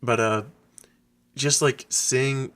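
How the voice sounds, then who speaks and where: A man co-hosting a podcast in casual chat, excitable, laughing often and acting out quotes. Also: medium pitch, drawn-out words, clear, resonant tone. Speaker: podcast co-host.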